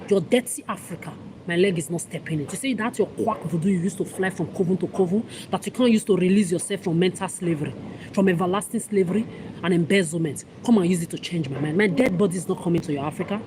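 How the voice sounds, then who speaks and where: A woman's voice: on the low side, fast, background noise. A woman vlogger delivering an angry, accusatory monologue to camera in a ranting, contemptuous manner.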